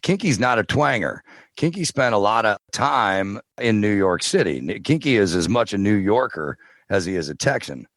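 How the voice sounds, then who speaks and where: Man, very low voice, dry close mic, relaxed storyteller, podcast guest. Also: normal speed, no room sound. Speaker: podcast guest, audiobook narrator. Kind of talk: casual interview chat.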